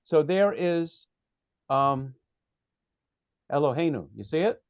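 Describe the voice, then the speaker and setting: A man's voice: fairly high pitch, expressive, slow, no echo, dull audio. A man teaching a prayer study class over a video call, patiently explaining Hebrew text and checking that his students follow.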